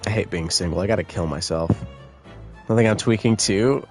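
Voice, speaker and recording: A man's voice: lowish voice, brisk, darkish tone, faint music behind. A man streaming a video game, reading its dialogue aloud and joking with his chat in casual commentary. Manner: joking, laughs often, mixes read lines with chat banter. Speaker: let's-play streamer.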